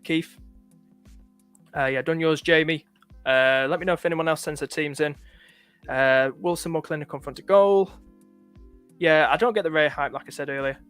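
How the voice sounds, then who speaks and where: A man from the north of England talks casually on a live stream, his northern accent light. His voice sits a little high, and he keeps thanking viewers, with many fillers and restarts. Faint music plays in the background. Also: normal speed, pauses often, fairly bright tone, clear, resonant tone, dry recording. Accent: northern English, light. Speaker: livestream host.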